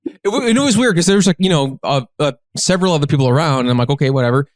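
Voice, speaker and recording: A man, a guest comedian, telling a story in casual podcast chat, rambling and animated with lots of filler words. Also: a little high, racing, no echo, studio quality. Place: living in a big city.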